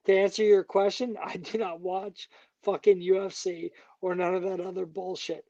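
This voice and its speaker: Brief: heated fighter guest, man, high voice, dry muffled sound. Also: flat delivery, normal speed, dark tone, no room sound. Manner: angry, profane, emphatic. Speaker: bare knuckle fighter guest. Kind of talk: heated interview talk.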